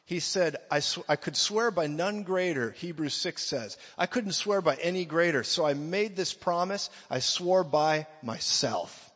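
A man's voice: on the high side, animated, measured pace, few pauses, a bit bright. A man preaching a sermon with emphasis, acting out quotes in mock voices. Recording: long reverb, dull lo-fi sound.

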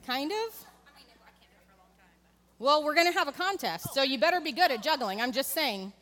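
At a moderate pace, a woman with a high, animated, fairly bright voice addresses the congregation from a church sanctuary, her words resonating in a large hall. She is in her thirties and keeps her sermon conversational, sharing a candid story about her family.

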